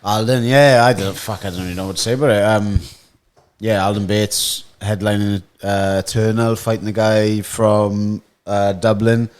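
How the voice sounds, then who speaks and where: A young man with a fairly low voice. He talks in loose, casual podcast banter and swears freely, sounding relaxed among friends. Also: moderate pace. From Wales. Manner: swears a lot, laid-back banter. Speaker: podcast co-host, fighter. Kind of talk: casual chat.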